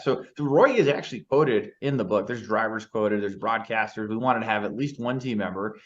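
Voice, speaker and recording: A man's voice: fairly low pitch, a little fast, few pauses. A man co-hosting a podcast in casual chat, recapping details at length and setting up questions for the guest. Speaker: podcast co-host. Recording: slightly dull lo-fi audio.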